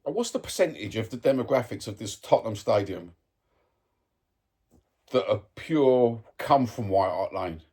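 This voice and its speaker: A man's voice: on the low side, animated, normal speed, darkish tone, husky. A man giving a blunt, sweary, heated football match review as a fan vlogger.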